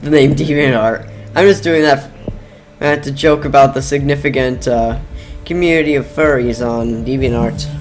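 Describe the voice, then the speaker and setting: A man's voice: medium pitch, steady tone, moderate pace, soft background music. A young man hosting casual gaming commentary, rambling and jokey, often cutting himself off mid-sentence. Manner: rambling, self-interrupting, jokey. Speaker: gaming video host.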